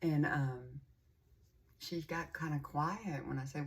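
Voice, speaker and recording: An older woman with a drawl talks through her week in a loose, rambling vlog. Her voice sits low and gravelly, a little husky and stuffy from a runny nose. She sounds folksy and talkative. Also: slow pace. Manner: chatty, rambling storyteller with a warm folksy drawl. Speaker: vlogger. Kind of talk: casual chatty vlog.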